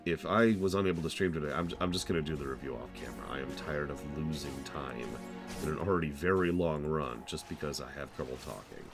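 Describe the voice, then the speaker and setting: A man's voice: rumbling low, fast, over music. A man streaming a game review while sick, talking carefully and wryly. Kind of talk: casual stream commentary.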